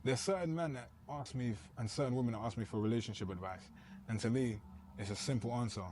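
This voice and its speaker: A man's voice: mid-range voice, fast talker, background noise. A man, teasing and slangy, as a guest on a dating show clip. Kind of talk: casual banter.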